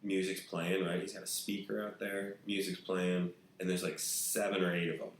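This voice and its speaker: Low-voiced man telling rambling stories. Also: little pitch movement, normal speed, reverberant, slight background noise, rough recording. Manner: rambling storyteller, swears freely. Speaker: podcast host. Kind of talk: casual chat.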